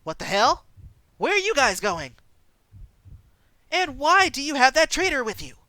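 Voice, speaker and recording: A woman's voice: high voice, very animated, measured pace, bright, forceful tone, dry recording, pitched above the performer's own voice, exaggerated voice. A woman voicing a hostile, suspicious hooded cultist in a story game.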